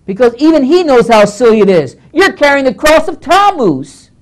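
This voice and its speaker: A man teaching scripture as a pastor, with a lively voice that swings widely up and down. He talks emphatically, scolds now and then, and repeats phrases as he works through each point. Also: extremely high pitch, moderate pace. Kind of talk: Bible teaching lecture.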